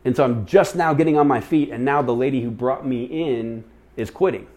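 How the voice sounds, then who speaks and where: A man's voice: medium pitch, brisk. A man speaking at church, telling a personal story in a sermon and acting out the people he quotes. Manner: animated, acts out quoted voices.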